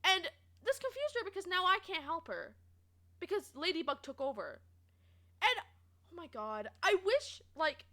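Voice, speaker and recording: Young woman, streamer, high voice, bright, very lively pitch, rambling casual chat, giggly. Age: young adult. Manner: animated and giggly, lots of fillers, quoting others in lively voices.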